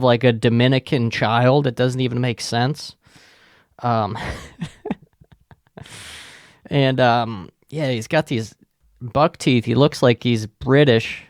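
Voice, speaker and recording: A man's voice: medium pitch, gravelly, no room sound, clean studio sound. A young man, hosting a podcast and rambling through a profane, filler-heavy rant. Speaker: podcast host. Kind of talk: casual solo rant.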